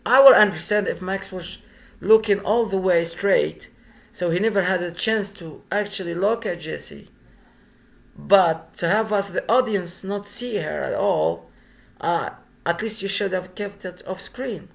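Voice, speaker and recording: A man's voice: sits high, a little slow, vocal fry. A man giving frank, conversational commentary while reviewing a screenplay. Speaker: script reviewer. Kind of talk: casual commentary.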